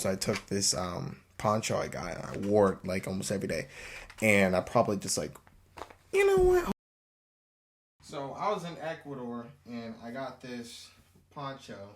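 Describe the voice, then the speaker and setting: A young man chatting loosely to camera in a casual travel vlog, full of filler words. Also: medium pitch. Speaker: vlogger.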